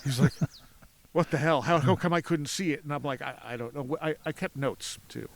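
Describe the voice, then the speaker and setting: Animated storytelling man, fairly high voice. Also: moderate pace. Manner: animated, acts out voices in his anecdotes, laughs often. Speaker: podcast guest. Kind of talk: casual storytelling. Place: outdoors at a cemetery.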